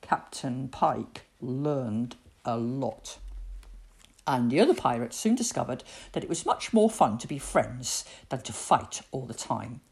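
A woman reading a children's storybook aloud in an expressive storytelling voice. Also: very deep voice, creaky. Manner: expressive, slow, lively storytelling.

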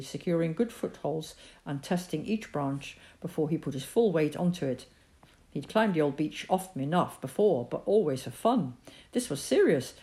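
A woman narrating a children's story in a calm, measured reading voice. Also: low voice.

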